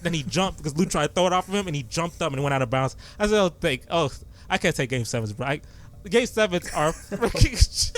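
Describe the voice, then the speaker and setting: A young man hosting a podcast, telling sports stories in an excitable, animated way. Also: fairly high pitch, fast talker. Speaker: podcast host. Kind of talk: casual sports chat.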